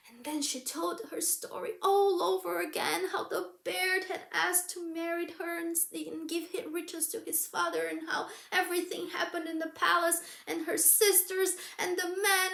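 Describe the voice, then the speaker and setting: A woman's voice: very high-pitched, creaky, fairly bright tone. A woman storyteller telling a fairy tale aloud, speaking dramatically and often dropping into a whisper. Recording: roomy echo.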